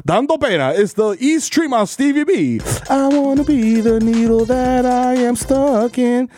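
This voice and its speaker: A man riffing and joking as a podcast co-host, in loose rapid-fire ad-libs. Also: extremely high pitch, animated, dark tone, faint music behind. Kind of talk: casual chat with comic riffing.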